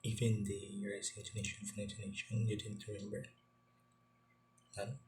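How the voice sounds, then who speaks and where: A male teacher giving a classroom lecture, halting and repeating words as he quizzes his students. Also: on the low side, flat delivery, darkish tone, slight background noise.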